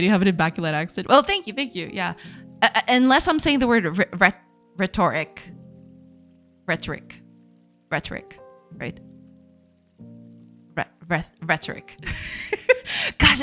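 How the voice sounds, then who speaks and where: A woman's voice: mid-range voice, a bit bright. A woman from Portugal, a Portuguese native speaker, streaming game development and chatting with viewers, laughing often as she reads chat aloud. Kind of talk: casual live-stream chat.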